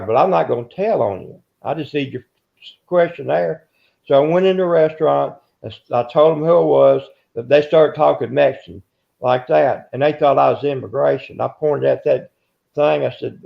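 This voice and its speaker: Older male interviewee, gruff rambling storyteller, gravelly voice, muffled lo-fi sound. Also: medium pitch, normal speed. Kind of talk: casual storytelling. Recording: dull lo-fi recording.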